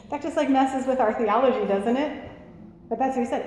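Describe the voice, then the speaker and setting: A woman teaching an interactive sermon, animated and laughing, asking the audience questions. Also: high voice, brisk. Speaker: church teacher. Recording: echoey hall, faint room noise.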